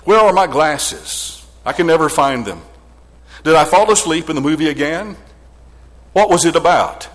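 A man reading aloud the slow, wandering questions of a forgetful elderly mother, in a hall with long reverb. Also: fairly high pitch, animated. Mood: plaintive.

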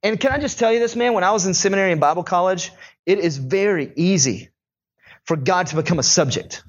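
A young male pastor preaching a sermon in a conversational, animated storytelling way. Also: high voice, a little fast, highs cut off.

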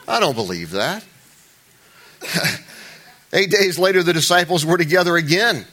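A man's voice: a little high, animated, unhurried, long pauses, sharp tone. A man preaching a conversational sermon as a pastor, informal and chatty, with joking asides and frequent restarts.

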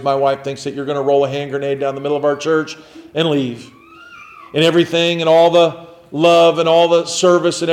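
A middle-aged man preaching a sermon as pastor, swinging between loud emphatic lines and quiet, low ones.

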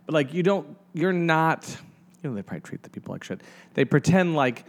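A man's voice: fairly high pitch, very animated, fairly quick. A man with a slightly raised voice holds forth in a loose podcast conversation. He wanders from thought to thought, swears freely, and keeps stopping to restart his sentences. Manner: rambling, profane, lots of restarts. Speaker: podcast co-host. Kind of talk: casual podcast chat.

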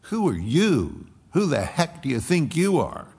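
A man voicing a hostile male demon, loud and taunting, recorded in a reverberant hall. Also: on the high side, very animated, a little slow, breathy edge, pitched above the performer's own voice, full character voice. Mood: menacing.

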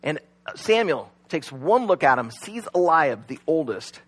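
A male pastor delivers a sermon in a loose, conversational way, slipping into animated storytelling. His voice sits a little high and swings widely in pitch, with a slightly husky edge. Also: a little slow.

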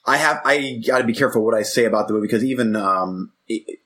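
Husky-voiced man chatting casually. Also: lowish voice, fast, a bit bright. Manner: rambling, self-interrupting, laughs often. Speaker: podcast co-host. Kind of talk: casual chat about movies.

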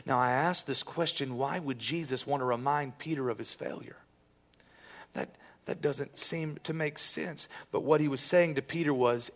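A man in his thirties preaching a sermon, telling stories in an animated way and building to emphatic, loud bursts. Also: mid-range voice, normal speed. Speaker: pastor.

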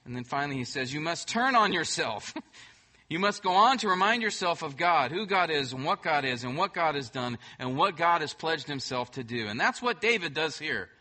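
A man preaching a sermon as pastor, emphatic, swinging between loud bursts and soft, hushed moments. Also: on the high side, animated, moderate pace.

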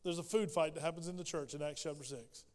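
A man preaching a sermon as pastor in a church, animated and acting out the voices in his quoted prayers. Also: on the high side, fast talker, in a large hall. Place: church sanctuary.

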